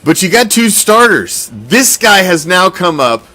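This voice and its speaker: A man hosting a casual sports commentary show, talking in an animated, profane, rambling way. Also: high voice, measured pace, soft background music. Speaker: host.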